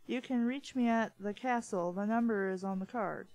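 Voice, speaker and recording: Brief: woman voicing a charming, persuasive upper-class gentleman from a novel read aloud; slightly high voice, dry sound. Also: normal speed, no echo, close to an everyday voice, poor audio. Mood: polite.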